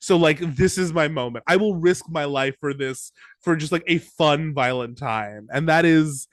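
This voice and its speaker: A man co-hosting a podcast in casual chat, rambling and excitable, with many restarts. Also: on the high side, moderate pace, no room sound, studio quality. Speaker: podcast co-host.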